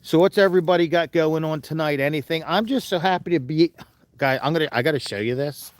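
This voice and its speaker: Brief: folksy male livestream host, casual chat, fairly high pitch, dry close sound. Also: quick pace, dry recording. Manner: folksy, affectionate with animals.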